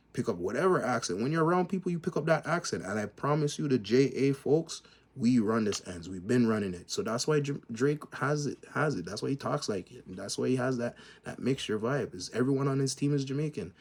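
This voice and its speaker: Emphatic Canadian man with slang. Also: medium pitch. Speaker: commentator. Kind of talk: opinionated commentary rant.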